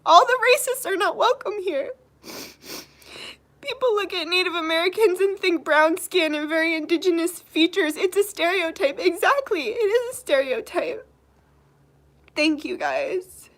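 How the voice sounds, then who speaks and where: Young woman crying on her stream, super high voice, hurt and mad, keeps restarting. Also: expressive, a bit bright. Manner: tearful, hurt and indignant, halting restarts. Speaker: channel host. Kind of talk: emotional livestream vlog.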